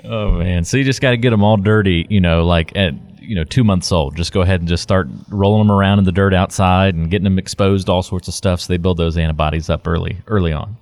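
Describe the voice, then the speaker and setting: Upbeat low-voiced male podcast co-host. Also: steady tone, fast, hardly any pauses, a little mellow, no room sound. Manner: upbeat, chatty interviewer. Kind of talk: casual podcast chat.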